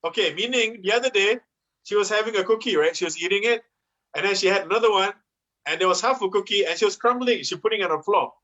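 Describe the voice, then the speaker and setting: A man's voice: sits high, quick pace, sharp tone, dull audio. A man in his thirties with a Malaysian English accent doing a chatty stand-up comedy set and laughing at his own jokes. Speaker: musical comedian.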